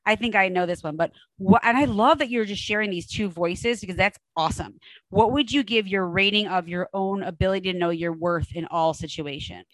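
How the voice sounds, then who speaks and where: A woman's voice: mid-range voice, brisk, dry recording, low-quality recording. A middle-aged woman hosting a podcast interview, enthusiastic and affirming in a conversational way. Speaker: podcast host.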